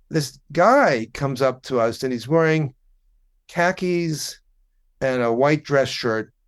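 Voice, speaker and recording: A man's voice: medium pitch, smooth. A man in his sixties, a podcast guest, telling a story in a wry, conversational way and swearing now and then. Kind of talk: casual anecdotal storytelling.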